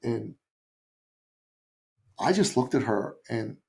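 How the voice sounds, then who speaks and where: A Canadian man, a business coach, telling an anecdote in a podcast interview with lively emphasis. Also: medium pitch, takes it slowly, creaky. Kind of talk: storytelling in an interview.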